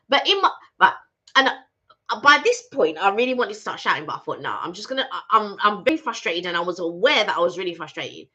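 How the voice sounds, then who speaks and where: A woman hosting a casual live stream, telling a story in an animated way and acting out both sides of a phone call. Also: mid-range voice, fast talker. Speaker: channel host. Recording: dull lo-fi stream audio.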